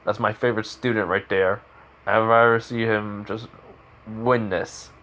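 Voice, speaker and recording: Calm male teacher, slow and deadpan, as a male narrator puts him on. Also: on the low side. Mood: matter-of-fact. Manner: slow, flat and matter-of-fact.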